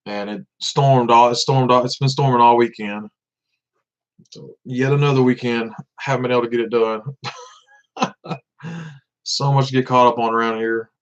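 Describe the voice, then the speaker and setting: Relaxed Southern man in his 30s, casual chatty vlogger, slightly muffled lo-fi sound. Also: medium pitch, moderate pace, pauses often. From Tennessee, US. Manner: laid-back, laughs often, repeats himself. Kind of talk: casual livestream chat. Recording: dull lo-fi sound.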